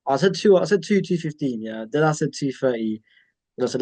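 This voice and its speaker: A man's voice: medium pitch, expressive, quick pace, a little mellow. A man co-hosting a casual wrestling chat, easygoing and upbeat. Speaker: podcast co-host.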